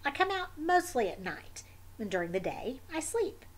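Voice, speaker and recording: A woman reading a picture book aloud in the voice of a sleepy, stubborn wombat, in terse, deadpan diary entries. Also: sits high, normal speed.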